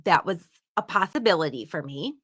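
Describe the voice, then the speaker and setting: A woman's voice: fairly low pitch, expressive, a little fast, fairly bright tone. A woman giving a motivational teaching talk, speaking emphatically and repeating words for stress. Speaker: instructor.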